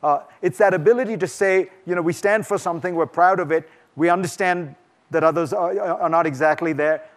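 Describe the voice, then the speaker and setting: Before an audience in a lecture hall, a man serving as guest speaker delivers an emphatic, conversational festival talk and fields questions. He speaks fairly quickly in a somewhat high voice and frequently restarts his sentences.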